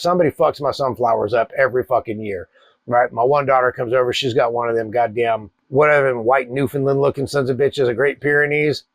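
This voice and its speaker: A man, hosting a cigar channel and telling a wild story in a profane, animated way. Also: medium pitch, no room sound. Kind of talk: casual storytelling.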